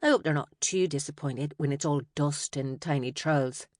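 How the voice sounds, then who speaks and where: A woman's voice: sits low, moderate pace, darkish tone, no echo, clean studio sound, natural voice. A woman voicing a cheerful mother who works as an agent, speaking with a Northern English accent and rounded vowels. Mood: friendly.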